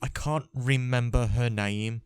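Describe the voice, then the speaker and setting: A man's voice: mid-range voice, fairly even intonation, measured pace, slight background noise. Chatty man hosting a podcast. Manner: chatty, rambling with restarts. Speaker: podcast host. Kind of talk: casual chat.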